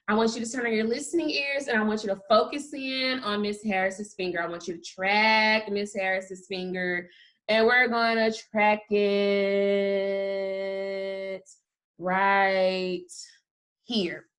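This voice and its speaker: Young female kindergarten teacher, slow deliberate sounding-out, cheerful encouragement, slightly high voice. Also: fairly bright tone. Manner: slow, exaggerated sound-by-sound modeling with upbeat praise. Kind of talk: recorded remote phonics lesson.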